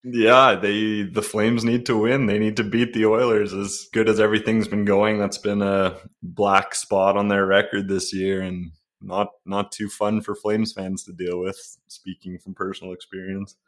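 Relaxed low-voiced male co-host. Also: normal speed, hardly any pauses. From Canada. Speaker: podcast co-host. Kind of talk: casual hockey podcast chat.

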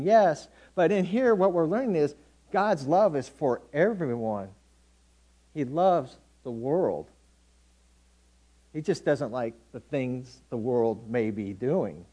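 Mellow-voiced man preaching conversationally. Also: fairly high pitch. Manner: conversational, anecdotal preaching with acted-out quotes. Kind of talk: sermon.

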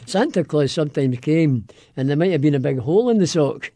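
Gravelly, laughing Scottish man. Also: fairly high pitch, lively intonation, normal speed, warm tone, no echo. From Scotland. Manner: chatty, laughs often. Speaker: guest. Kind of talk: casual radio interview.

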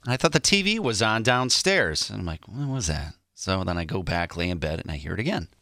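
A man in his forties co-hosting a morning radio show, telling a story with animated energy and acting out the quotes. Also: low voice, brisk, dry recording, clean studio sound.

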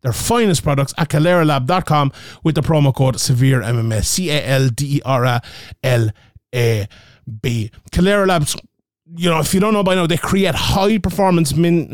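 A male podcast host rambles through ad reads and casual chat, joking around and frequently correcting himself. His voice is slightly high with a clean tone, captured in a clean studio with no room sound.

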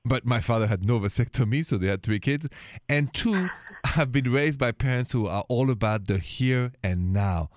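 A middle-aged French-accented man hosts a late-night style advice call-in show, easygoing and sprinkling French phrases into his English. His voice sits at an ordinary pitch. It is recorded dry and close in a studio. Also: moderate pace, no echo. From France. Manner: relaxed, drops French phrases into his talk. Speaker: radio advice host. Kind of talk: call-in radio advice talk.

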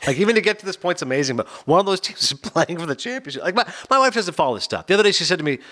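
A man hosting a podcast, chatting casually and telling stories with voiced quotes. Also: sits high. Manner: animated, quick storytelling with voiced quotes. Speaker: podcast host. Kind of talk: casual chat.

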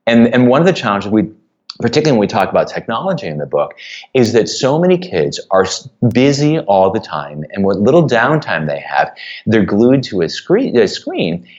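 A man speaks low and with a lot of melodic swing, earnest and emotional as he talks through a personal story. The sound is a little dull and lo-fi, as over a remote connection. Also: very animated, normal speed, darkish tone. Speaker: author and guest. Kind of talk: podcast interview.

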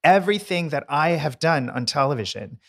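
A man co-hosting a podcast in casual chat, emphatic and enthusiastic, with quick dry quips. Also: fairly high pitch, expressive, creaky, a bit bright. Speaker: podcast co-host, decorator.

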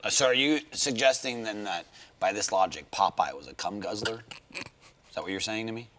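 A man's voice: lowish voice, a little fast, a little hiss or hum. A man co-hosting a casual podcast chat, joking and acting out quoted lines. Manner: animated, jokey, acts out quotes. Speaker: podcast co-host.

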